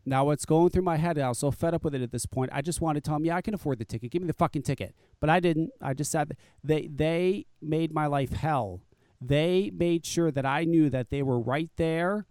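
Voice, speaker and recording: A man's voice: on the high side, normal speed, a little mellow, smooth, dry recording. A man telling a personal story in casual talk, blunt and profane, acting out the people he quotes and stumbling into repeated restarts. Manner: frequent restarts and stammered repeats. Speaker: podcast guest telling his story.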